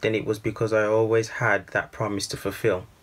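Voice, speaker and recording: A man reading the lines of a gentle, grieving foster father in a storybook. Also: on the low side, level tone, fairly quick, natural voice. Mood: sorrowful. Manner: gentle and sorrowful.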